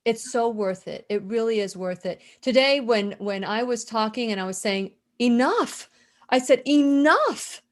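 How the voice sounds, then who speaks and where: A woman's voice: medium pitch, normal speed, few pauses. A middle-aged woman hosting a radio interview, telling a personal story in an impassioned, emphatic way and often repeating her words. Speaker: radio show host.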